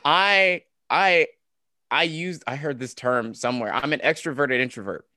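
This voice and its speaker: A man in his thirties from Kansas with a flat Midwestern American accent and a hint of Southern twang, telling stories on a podcast with frequent laughs and restarts. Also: on the high side, moderate pace, dry recording, clean studio sound. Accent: flat Midwestern American, occasional Southern twang. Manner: animated storyteller, laughs often, many restarts. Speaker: podcast guest. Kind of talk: casual podcast conversation.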